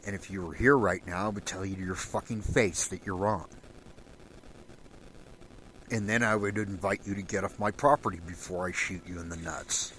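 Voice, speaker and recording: A man hosting a solo show, delivering an angry, profane rant and raising his voice to a shout at times. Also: low-pitched, steady tone, normal speed, slight background noise, poor audio. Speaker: podcast host.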